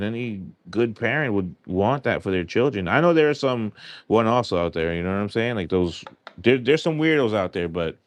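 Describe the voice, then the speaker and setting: A man's voice: mid-range voice, dry recording. A man hosting a live stream, chatting casually and earnestly with lots of fillers while scratching lottery tickets. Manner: rambling, heartfelt, filler-heavy.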